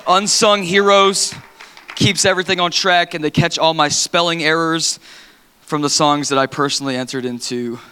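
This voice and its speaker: A man's voice: fairly high pitch, steady tone, normal speed, bright, forceful tone, clean tone. A man preaching in a large church hall, reading scripture dramatically with playful asides. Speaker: pastor.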